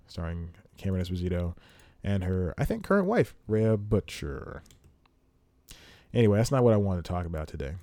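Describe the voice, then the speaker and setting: A man's voice: sits low, warm tone, no room sound. A man hosting a solo comedy podcast, ranting with real heat, going off on rambling tangents and laughing at himself. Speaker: podcast host.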